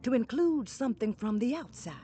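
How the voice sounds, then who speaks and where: A woman giving measured, storybook narration in a game. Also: fairly high pitch, lively intonation, mellow, lightly acted.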